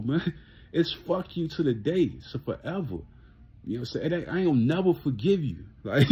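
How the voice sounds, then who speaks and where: Gravelly, husky man ranting bluntly. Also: a little high, dark tone, lo-fi sound. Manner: blunt, profane, repetitive, laughs often. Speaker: vlogger. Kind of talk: casual rant to camera.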